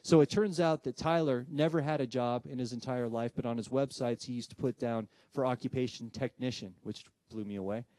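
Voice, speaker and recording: A man's voice: mid-range voice, no echo. A man giving a live presentation to an audience, telling a story and acting out the voices in it. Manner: animated storyteller who acts out voices in quoted dialogue. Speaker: presenter giving a talk on spirit communication.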